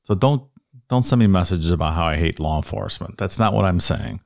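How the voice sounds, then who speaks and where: A man's voice: sits low, lively intonation, a little fast, gravelly. A man in his fifties co-hosting a podcast, talking casually and hedging with many restarts. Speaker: podcast co-host. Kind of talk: casual chat.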